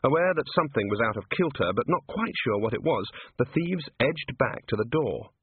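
A man reading a story aloud as scripted narration, dry and even. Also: medium pitch, normal speed, husky, no echo. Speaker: audiobook reader. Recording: dry, tinny phone-like sound.

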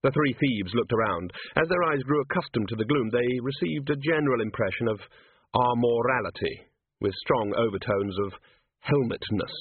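A man reading a story aloud as scripted narration, dry and even. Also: medium pitch, normal speed, breathy edge, no room sound. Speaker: audiobook reader. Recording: dry, tinny phone-like sound.

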